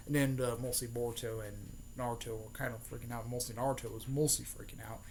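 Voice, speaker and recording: Casting note: young male YouTuber, loose rambling storyteller, mid-pitched, soft hiss underneath. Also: flat delivery, fast, hardly any pauses. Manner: rambling, many fillers and restarts, keeps adding "there" and "mostly". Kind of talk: casual fan-theory storytelling.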